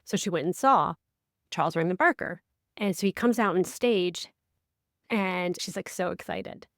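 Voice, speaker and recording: Animated woman podcast host. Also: moderate pace, no echo, studio quality. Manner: animated storyteller, acts out quotes with big pitch swings. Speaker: podcast co-host and life coach. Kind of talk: casual podcast chat.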